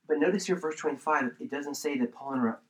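Animated male preacher in an echoey room. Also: fairly high pitch, quick pace. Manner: animated, preacherly, with asides and rising excitement. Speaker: pastor. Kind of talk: sermon, Bible teaching.

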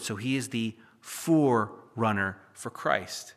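A man preaching a verse-by-verse sermon. He reads scripture aloud with force, then drops into low, chatty asides to the congregation. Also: expressive, slow, hardly any pauses. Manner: swings from loud scripture reading to low asides; conversational, jokes with the congregation. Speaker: pastor. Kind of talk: expository sermon teaching.

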